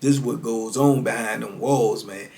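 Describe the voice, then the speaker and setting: A man's voice: mid-range voice, normal speed, vocal fry. A man in his fifties telling prison stories in a casual monologue, laughing often and dropping "man" into almost every line. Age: 50s. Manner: animated, laughs often, says "man" constantly. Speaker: former prisoner storyteller.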